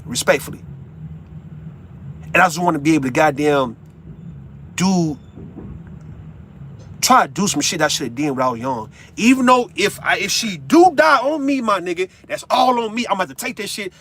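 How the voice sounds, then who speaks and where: Middle-aged man, raw confessional vlog monologue, slightly high voice, faint vehicle hum behind. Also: a bit bright. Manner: heartfelt, profane, repeats words. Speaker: vlogger. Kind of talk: emotional monologue while driving.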